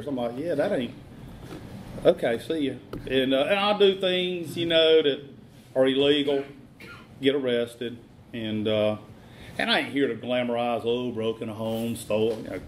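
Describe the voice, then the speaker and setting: A middle-aged man giving a blunt, plain-spoken personal testimony at a recovery meeting, halting often with fillers. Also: mid-range voice, a little hiss or hum.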